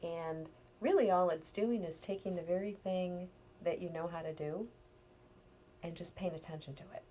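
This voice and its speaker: A middle-aged woman talks through ideas in an unhurried, explanatory way, her voice sitting a little on the low side. At times she drops almost to a whisper before picking back up. It sounds like a relaxed one-on-one interview. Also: slight background noise. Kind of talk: conversational interview.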